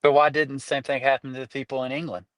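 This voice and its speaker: A man's voice: medium pitch, little pitch movement, fast talker, no room sound. A young Southern American man on a casual podcast, musing aloud and firing off questions. He talks loosely and restarts his thoughts, heard dry and close to the mic. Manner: curious, asks questions, trails off and restarts. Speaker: podcast co-host.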